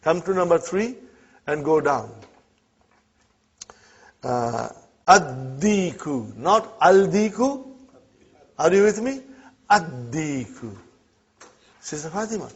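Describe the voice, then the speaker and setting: A man's voice: a little high, big pitch swings, breathy edge, highs cut off. A man teaching an Arabic class in a classroom, drilling pronunciation and often checking that students follow. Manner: repeats words slowly to drill pronunciation. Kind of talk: classroom lesson.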